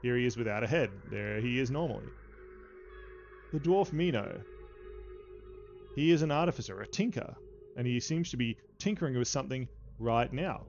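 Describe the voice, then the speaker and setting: A man narrating as game master of a tabletop game, with many halting fillers, in a slightly dull recording with faint music behind. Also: medium pitch, animated, a little mellow.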